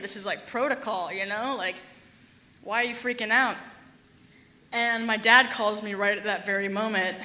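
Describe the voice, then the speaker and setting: A young woman tells a true story at a live event, chatty and animated, with plenty of fillers and acted-out quotes. Her voice is bright and forward. The sound carries a long reverb from the hall. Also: mid-range voice.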